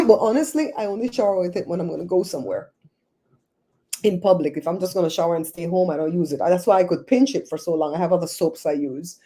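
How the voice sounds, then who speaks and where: A woman's voice: on the low side, a little fast, a little mellow. A woman hosting a casual livestream, chatting with viewers by name and laughing often. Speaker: livestream host.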